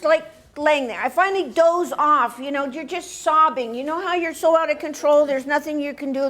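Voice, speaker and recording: Animated high-voiced woman telling a story. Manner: animated, acts out quoted voices, laughs often. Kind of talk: personal storytelling on stage. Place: stage before a live audience.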